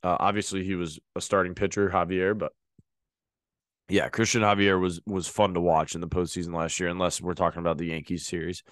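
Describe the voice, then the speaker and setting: Rambling low-voiced man on a podcast. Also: flat delivery, brisk, dry recording. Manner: rambling, many fillers and restarts. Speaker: podcast host. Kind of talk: casual sports podcast talk.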